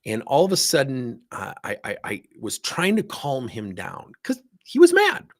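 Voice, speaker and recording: Gravelly, animated male keynote speaker. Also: mid-range voice, normal speed. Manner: animated storyteller acting out dialogue. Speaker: leadership speaker. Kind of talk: keynote storytelling talk.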